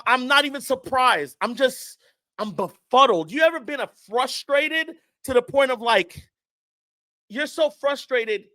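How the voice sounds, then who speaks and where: A man's voice: very high-pitched, sharp tone, no room sound, clean studio sound. A young American man ranting in frustration to his viewers, rambling and addressing them directly as a fan channel host. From United States.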